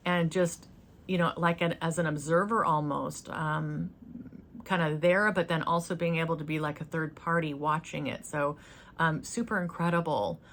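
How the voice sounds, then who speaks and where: A woman's voice: lowish voice, a bit bright. A woman hosting her own spiritual channel, telling a personal story in an earnest, hesitant way with many fillers and restarts, speaking from her couch in a yurt.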